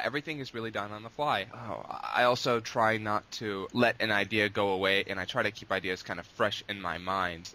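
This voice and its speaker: Male interview guest, casual and rambling, with a bright, forceful tone. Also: fairly low pitch, a little hiss or hum. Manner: long-winded, rambling with restarts. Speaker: guest, abridged series creator.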